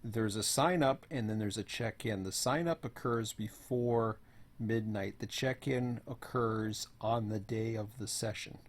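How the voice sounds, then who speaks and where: A hoarse man who is losing his voice gives a rambling, offhand walkthrough as host of an online server. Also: fairly low pitch, measured pace. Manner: rambling, offhand, says "blah, blah, blah". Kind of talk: casual screen walkthrough.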